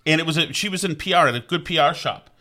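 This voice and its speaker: A middle-aged man from Vermont talks fast in a loose, casual conversation that keeps circling back through restarts and tangents. His voice rings bright and forward, a bit high for a man.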